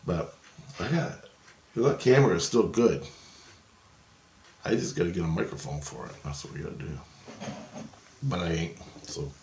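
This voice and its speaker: A man's voice: low-pitched, normal speed, long pauses, darkish tone. A man vlogging in a casual, rambling monologue, swearing freely and repeating phrases as he acts out what he said. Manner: profane, repeats phrases, acts out his own quotes. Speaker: paranormal vlogger. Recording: echoey room with faint ambience.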